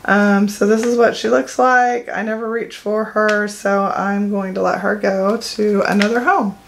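A woman's voice: medium pitch, steady tone, measured pace, vocal fry. A middle-aged woman talks through her makeup collection in a loose, rambling way. She fills the gaps with "um" and corrects herself as she goes. There is a faint hiss behind her voice. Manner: chatty, rambling, with fillers and self-corrections. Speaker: beauty vlogger. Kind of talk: casual product talk to camera.

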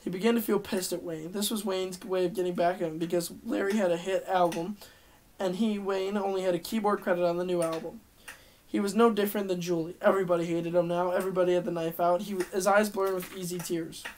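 A man's voice: high-pitched, fairly even intonation, fast talker, a little mellow, slight background noise, poor audio. A man reading a novel aloud as an audiobook, in a casual way with slips and restarts. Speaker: audiobook reader. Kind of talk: audiobook narration.

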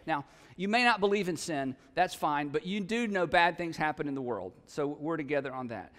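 A middle-aged male pastor preaching a sermon in a conversational, animated way, often mimicking his listeners. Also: a little high, normal speed. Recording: long reverb of a large hall.

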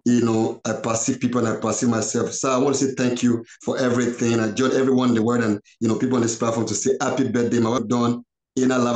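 A male pastor speaks a heartfelt tribute over an online call, slow and earnest and given to repeating his words. His voice sits in the middle range for a man. The sound carries a noticeable room echo. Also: mid-range voice, darkish tone. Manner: slow, repetitive, earnest, quoting others in short exchanges. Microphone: video call.

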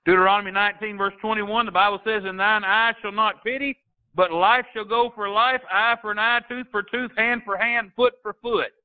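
High-pitched preacher guy, sounds like it's over a phone line, gets loud and emphatic. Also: fairly even intonation, moderate pace, clean tone. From Texas. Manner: preaching with rising emphatic bursts and King James quotations. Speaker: pastor. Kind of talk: sermon.

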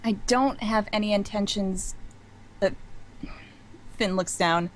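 A woman playing a tabletop role-playing game, speaking at an ordinary middle pitch. She gets excitable and swears or laughs readily. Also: slow, long pauses, a little hiss or hum. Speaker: player.

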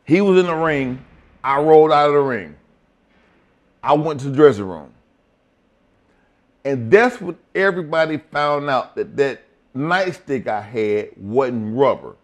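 In an interview, an older retired wrestler tells blunt, profane stories, acting out the lines of the people he quotes. His voice is fairly high-pitched.

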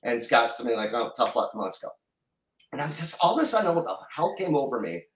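A man's voice: medium pitch, big pitch swings, far from the mic. Rambling middle-aged man, echoey room. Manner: rambling, halting, with many restarts. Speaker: guest musician. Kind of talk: casual storytelling interview.

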